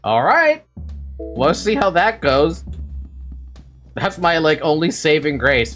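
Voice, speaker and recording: A woman's voice: low-pitched, big pitch swings, takes it slowly, pauses often, fairly bright tone, faint music behind. A young woman streaming a horror game, casually reacting and swearing as she plays. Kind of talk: casual gameplay commentary.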